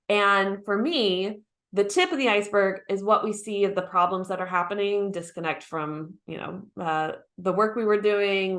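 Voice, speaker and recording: A woman's voice: mid-range voice, fairly bright tone. A woman speaking on a conference stage, talking conversationally to the audience and asking them questions. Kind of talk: conference talk.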